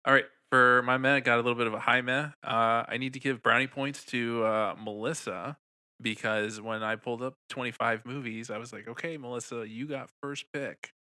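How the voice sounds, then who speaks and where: A man co-hosting a casual film podcast, excitable and profane, rambling through a plot with many restarts. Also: mid-range voice, normal speed, smooth. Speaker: podcast co-host. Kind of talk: casual film review chat.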